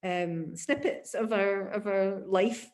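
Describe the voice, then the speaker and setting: A Scottish woman in her fifties, a musician looking back on her life in an oral history interview, telling lively stories and laughing often. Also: mid-range voice, takes it slowly. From Glasgow, Scotland. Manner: animated storyteller, laughs often.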